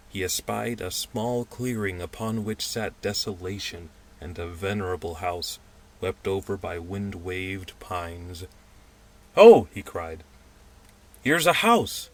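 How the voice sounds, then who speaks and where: A man reading a classic story aloud as an audiobook narrator, measured and expressive. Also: deep voice, far from the mic. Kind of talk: scripted narration.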